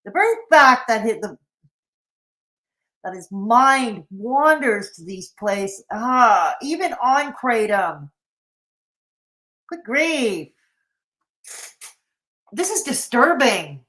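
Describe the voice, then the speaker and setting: A woman's voice: on the high side, sing-song, slow pace, pauses often, fairly bright tone. A woman streaming a reaction, scolding and mocking the people in the clips in sarcastic commentary.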